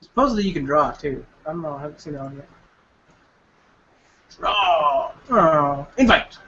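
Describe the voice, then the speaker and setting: Bright, high-voiced man in casual chat. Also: expressive, normal speed, slight background noise. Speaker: player. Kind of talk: casual chat at a game table. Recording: dull, lo-fi mic.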